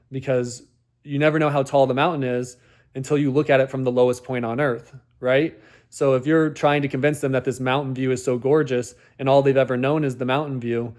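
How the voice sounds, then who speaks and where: A man's voice: medium pitch, darkish tone. Earnest man musing on parenting. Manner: earnest, talks in rhetorical questions, many "like" fillers. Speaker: podcast host. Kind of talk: reflective monologue on parenting.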